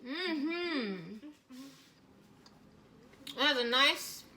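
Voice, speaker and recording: A woman's voice: high-pitched, very slow, bright, forceful tone. A woman chatting casually as a cooking vlogger in a home kitchen, gushing over her food and talking straight to her viewers. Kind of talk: casual recipe chat and taste test.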